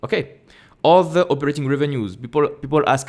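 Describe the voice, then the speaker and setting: A man with a French accent hosts an investing channel, walking through an earnings report and a spreadsheet on his screen. His voice sits in a middle range, and he reads haltingly, correcting himself and stopping for quick asides. The sound comes from a desktop computer mic. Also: mid-range voice. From France.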